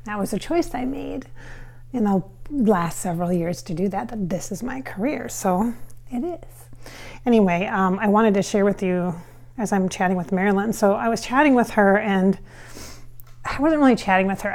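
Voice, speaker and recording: A woman's voice: medium pitch, fairly quick, a little mellow. Chatty woman vlogging in her kitchen. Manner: rambling, chatty, many fillers. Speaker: psychic medium vlogger. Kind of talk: casual vlog chat. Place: home kitchen with hardwood floors.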